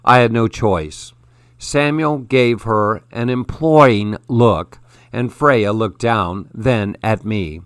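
Slow, measured male storyteller. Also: on the low side, a bit bright, no room sound, clean studio sound. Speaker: audiobook narrator. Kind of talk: first-person storybook narration.

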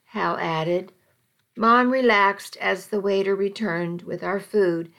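Woman narrator for a first-person audiobook, unhurried and even, mid-range voice. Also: mid-range voice, gravelly. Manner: measured, even storytelling delivery.

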